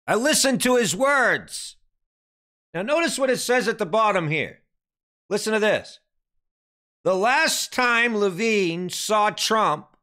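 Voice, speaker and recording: A man delivers a dramatic sermon, hammering questions at his listeners before dropping to a grave hush. His voice sits high and bright and leaps all over its range. He takes his time, drawing out each phrase. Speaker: preacher. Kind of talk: impassioned sermon commentary.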